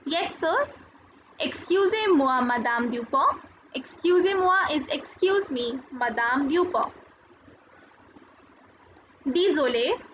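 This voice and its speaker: A woman teaching a recorded school lesson, explaining each word slowly and carefully and repeating it. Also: sits high, fairly bright tone. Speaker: French teacher. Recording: dull lo-fi sound, faint noise.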